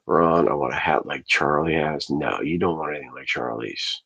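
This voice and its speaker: Male livestream host, low husky voice, loose profane storyteller. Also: normal speed, fairly bright tone. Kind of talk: casual ranting livestream.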